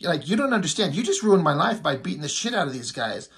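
Guy doing a freaked out warehouse boss, ranting fast, kinda high. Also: lively intonation. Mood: panicked. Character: panicking male warehouse boss.

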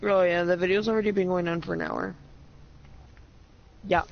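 A man's voice: high-pitched, fairly even intonation, moderate pace, gravelly. A man chatting casually while gaming, teasing and swearing freely. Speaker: gamer recording a session. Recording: slightly dull lo-fi audio with faint music.

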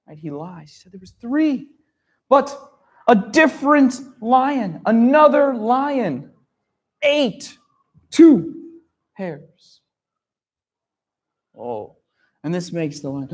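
A man teaching a story lesson to language learners, telling it in an animated way, gasping for effect and often checking that they understand. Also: sits high, slow, vocal fry, long pauses, slightly rough. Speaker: English teacher.

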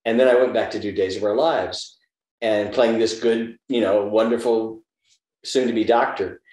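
An American actor in his seventies is interviewed in a reflective, conversational way, thoughtfully telling stories and offering advice. His lowish voice is steady, a little mellow, and at normal speed, with roomy echo in the recording.

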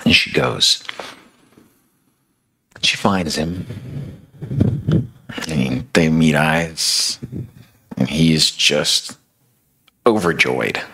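A man's voice: very deep voice, animated, drawn-out words, vocal fry, long pauses, bright, forceful tone, slightly rough. A man preaching a sermon, retelling a story in a casual, conversational way with many fillers.

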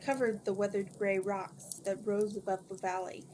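A woman reads a novel aloud in a steady, mid-pitched voice. She trips over a word now and then and corrects herself. A noticeable hiss runs under the home recording. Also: normal speed. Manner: steady reading with small stumbles and self-corrections. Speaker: book reader.

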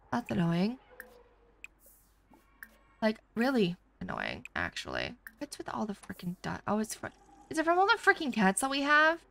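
Woman host, casual game commentary, chatty and jokey, bright voice. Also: on the high side, wildly swooping pitch, normal speed, creaky, pauses often. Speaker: gaming channel host. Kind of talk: casual let's play commentary.

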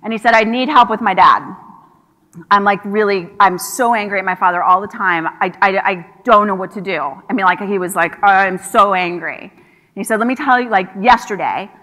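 Woman keynote speaker, bright and forceful, conversational storyteller, long hall reverb. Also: medium pitch, moderate pace. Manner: conversational storytelling with quoted dialogue. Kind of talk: conference keynote speech. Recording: hall reverb from a large venue.

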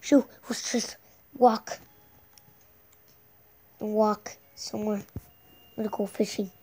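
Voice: mid-range voice, level tone, takes it slowly, a little mellow, breathy edge. A gaming channel host giving playful, casual commentary while playing a game, repeating words and joking with guests.

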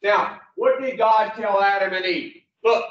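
A man's voice: sits high, measured pace. A man teaching a recovery program class in a blunt, profane, joking way, telling folksy stories. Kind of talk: folksy storytelling lesson. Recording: distant, roomy, muffled.

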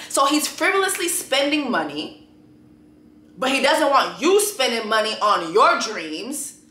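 A young woman hosting a casual review show, talking bluntly and profanely with sudden loud exclamations. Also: high voice, huge pitch swings, a little slow, echoey room. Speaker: YouTube show host.

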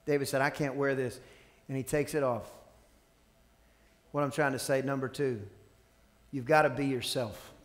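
A pastor with a mid-range, steady voice preaches at normal speed with long pauses, telling stories with quoted dialogue and calling on the congregation to respond. He's in a church sanctuary, with the long reverb of a large hall.

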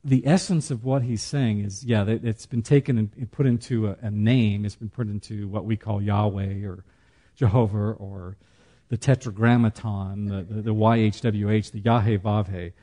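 A man teaching a church study class in a conversational way, with joking asides and slow, emphatic pauses. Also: on the low side, steady tone, dark tone.

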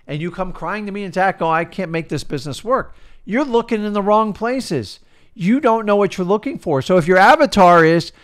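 A middle-aged man coaching in an emphatic, worked-up rant, swinging between loud bursts and quiet asides. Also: sits high. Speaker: real estate coach.

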